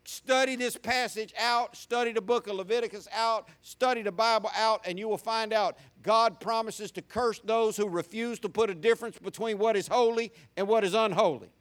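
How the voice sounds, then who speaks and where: Male pastor, high-pitched preaching voice, emphatic and repetitive. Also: fairly even intonation, normal speed, hardly any pauses, fairly bright tone. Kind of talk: sermon.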